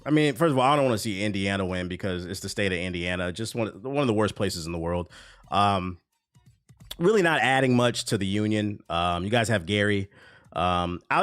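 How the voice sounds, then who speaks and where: A man's voice: on the low side, fairly bright tone, smooth. A man hosting a livestream, ranting bluntly and profanely in casual chat to his viewers, often breaking into laughter. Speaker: livestream host.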